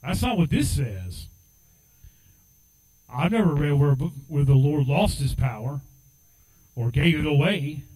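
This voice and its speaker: A man's voice: fairly high pitch, big pitch swings, slow pace, pauses often, warm tone, low-quality recording. A man preaching a sermon as assistant pastor, telling a story in a conversational way and rising into fervent exhortation. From United States.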